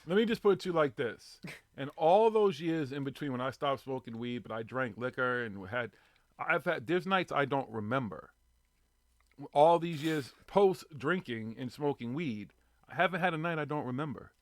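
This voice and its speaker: A man's voice: medium pitch, lively intonation, moderate pace, no room sound. A man in his thirties hosting a live online show, chatting casually and telling loose stories with plenty of swearing. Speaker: podcast host. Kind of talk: casual chat on a live stream.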